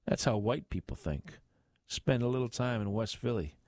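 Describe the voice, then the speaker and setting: A man's voice: mid-range voice, expressive, normal speed, darkish tone, dry recording, studio quality, lightly acted. A man voicing a cocky young soldier who mocks the others over a card game. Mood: mocking. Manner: brash, mocking. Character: cocky young male soldier, trash-talking card player.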